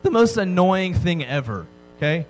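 A man's voice: high voice, sing-song, moderate pace, a little hiss or hum, low-quality recording. A man in his thirties preaching a sermon, joking and telling stories with frequent "right?" asides. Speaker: pastor. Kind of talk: sermon to a youth audience.

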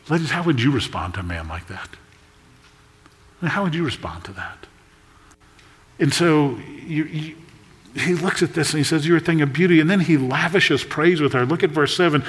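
A man in his sixties preaching a sermon, storytelling in a conversational way with jokes and quick asides. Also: fairly high pitch, a bit bright. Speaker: pastor. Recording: long echo of a large hall.

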